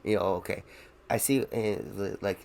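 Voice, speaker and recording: A man with a low, gravelly voice rambles through a casual podcast conversation. He laughs often and swears without a second thought. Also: fairly even intonation, normal speed, a little mellow. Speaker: podcast co-host. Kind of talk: casual chat.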